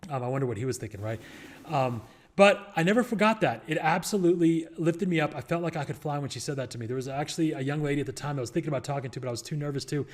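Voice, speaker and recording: A man's voice: fairly high pitch, rapid-fire. A young man giving casual advice in a rambling, joking way, full of fillers and restarts. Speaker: real estate investor and show host.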